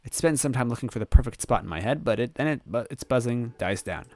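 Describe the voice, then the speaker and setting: A man hosting a let's play, reading the game's text aloud and answering it with jokes and quick laughs. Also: mid-range voice. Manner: animated, joking, quick laughs.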